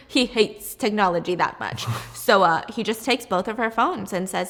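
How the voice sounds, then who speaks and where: A young woman casually retelling a mystery story while baking, chatty and animated, acting out the characters' lines. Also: mid-range voice, unhurried, big-room sound. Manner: animated, chatty, acts out quotes. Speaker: storytelling baker host.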